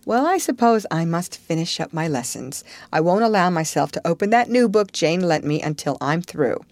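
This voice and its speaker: A woman's voice: on the low side, very animated, moderate pace, a little mellow, no room sound. A woman reading a storybook and voicing an eager, talkative, imaginative young girl. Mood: chatty. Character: chatty imaginative young orphan girl, Anne.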